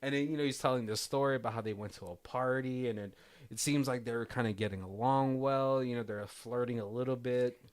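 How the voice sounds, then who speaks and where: A man's voice: medium pitch, brisk, clean tone. A man co-hosting a casual podcast, retelling a film in a loose, rambling way with lots of "like"s. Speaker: podcast co-host. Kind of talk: casual movie commentary chat.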